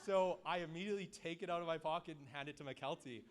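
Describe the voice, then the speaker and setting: A man's voice: a little high, quick pace, slight background noise. A young man telling a joking story as a friend's wedding speech into a handheld microphone at a reception. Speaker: wedding speaker, groom's friend.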